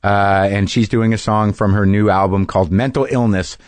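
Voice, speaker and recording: A man's voice: on the low side, steady tone, moderate pace, dry recording. A middle-aged man hosting a podcast, talking in a rambling, casual way from his garage studio. He repeats his words and swears freely. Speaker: podcast host. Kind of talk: casual monologue. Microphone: studio mic in a home garage.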